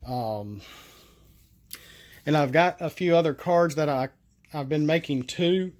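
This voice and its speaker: A man casually thinking aloud about homemade card game rules, halting and restarting often, with many fillers. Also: fairly high pitch, darkish tone, a little hiss or hum. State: recovering from a coughing fit. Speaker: solo card game tester and vlogger. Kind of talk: casual rambling talk to camera.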